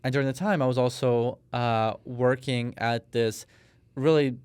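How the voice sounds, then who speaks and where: A man in his thirties, born in Russia, talks through his story as a podcast guest, stopping and restarting often. His voice is smooth and clear. The mic is close and the sound is dry, with no room around it. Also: medium pitch, fairly even intonation, measured pace, darkish tone, no room sound. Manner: storytelling, hesitant with many restarts and fillers. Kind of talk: conversational interview.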